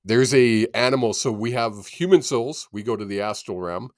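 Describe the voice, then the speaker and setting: A man hosting a casual channeling session on a video call, animated and laughing often. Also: mid-range voice, no echo, clean studio sound. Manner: animated, laughs often, quick bursts of excitement. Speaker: psychic medium host.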